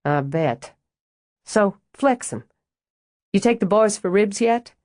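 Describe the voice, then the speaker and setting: A woman's voice: mid-range voice, lively intonation, slow, a little mellow, no room sound, pitched above the performer's own voice. A woman voicing a blunt, confident male landscaper who teases in a dry, direct way. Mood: teasing.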